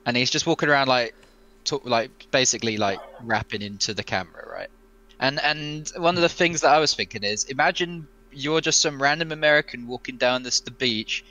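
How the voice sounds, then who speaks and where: A man with a bright, forceful voice spinning a casual anecdote on a band podcast. He tells it with a storyteller's pull, at an ordinary pitch. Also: low-quality recording. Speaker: podcast co-host.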